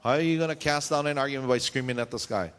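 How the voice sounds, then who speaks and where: A male pastor preaches with lively energy, firing rhetorical questions at his congregation and acting out shouted voices. His mid-pitched voice carries a long reverb from the church hall around him. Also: fast talker, clean tone. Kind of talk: sermon. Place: church sanctuary.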